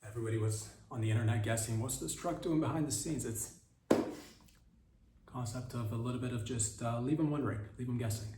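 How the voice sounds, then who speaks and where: A man hosting a podcast, riffing through a deadpan comedic monologue that mimics a mock sales pitch. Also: brisk, background noise. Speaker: podcast host. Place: podcast studio. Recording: roomy echo, voice far from the mic.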